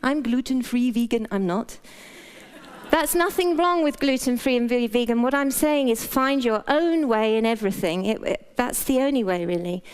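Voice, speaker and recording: A woman's voice: fairly high pitch, lively intonation, normal speed, hardly any pauses, clean tone. Frank British woman doctor giving a talk. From Britain. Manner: frank, playful, conversational. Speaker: doctor and speaker. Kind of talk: motivational stage talk.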